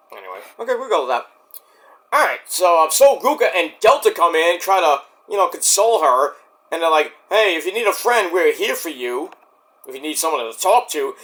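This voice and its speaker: A man giving a casual, rambling recap of a show, excitable and profane. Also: high-pitched. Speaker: wrestling show reviewer.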